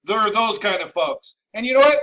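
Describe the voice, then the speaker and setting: A brash man with a very high, bright, forceful voice rants bluntly about failure and laziness, mocking and joking. He sounds set back from the mic, on a dull lo-fi recording. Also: animated, a little fast, far from the mic. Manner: brash, mocking, jokey put-on accent. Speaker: host. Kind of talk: blunt motivational rant. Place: home office.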